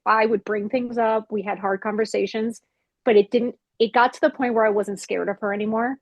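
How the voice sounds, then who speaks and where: A woman's voice: a little high, steady tone, fairly quick, no room sound, muffled recording. A woman in her fifties, a podcast guest, telling a personal story in a frank, emphatic way and acting out old arguments. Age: 50s.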